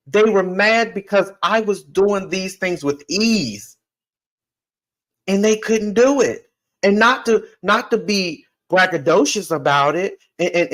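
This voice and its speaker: A man's voice: sits high, fairly bright tone, rough recording. A man hosting a podcast, telling a personal story in an emphatic monologue that repeats phrases and addresses listeners directly. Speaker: podcast host.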